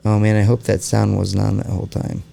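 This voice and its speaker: Gravelly, dark-voiced podcast host man. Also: on the low side, monotone, brisk. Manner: rambling, heavy on fillers like "like" and "you know"; swears freely. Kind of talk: casual podcast chat.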